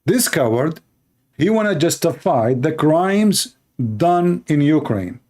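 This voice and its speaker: A man's voice: fairly high pitch, big pitch swings, slow pace, darkish tone. A man giving heated reaction commentary on a news clip, hurling insults and arguing in broken, non-standard English. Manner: angry, insulting, argumentative.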